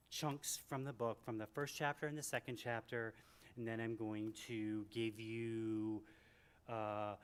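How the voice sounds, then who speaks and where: Joking man in his sixties reading aloud. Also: smooth. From Michigan, USA. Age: 60s. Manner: animated and joking, with big swings in pitch and loudness. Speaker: author at a book event. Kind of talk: reading from his memoir to a live audience. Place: library event room.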